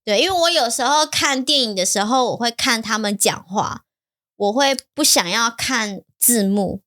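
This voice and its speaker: A woman's voice: a little high, moderate pace. Giggly Taiwanese woman co-host. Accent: Taiwanese Mandarin. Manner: giggly, expressive, mixes English words. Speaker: podcast co-host. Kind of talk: casual bilingual chat.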